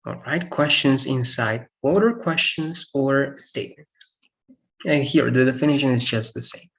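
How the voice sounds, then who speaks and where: A man's voice: medium pitch, fairly bright tone. Man teaching grammar, asking "right?". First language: Spanish. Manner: explains step by step, checks in with "right?" often. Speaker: English teacher. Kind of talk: online grammar lesson.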